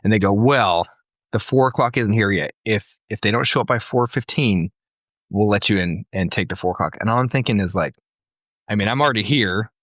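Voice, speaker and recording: A man's voice: on the low side, a little fast, a bit bright, no echo, clean studio sound. A man co-hosting a casual comedy podcast, telling an exasperated story with plenty of swearing. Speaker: podcast co-host.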